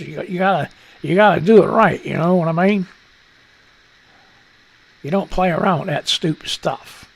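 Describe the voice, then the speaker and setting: Gravelly, lively man rambling through news. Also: high-pitched. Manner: loose, jokey, mutters to himself, reads headlines aloud. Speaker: radio and livestream host. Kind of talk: rambling live news chat.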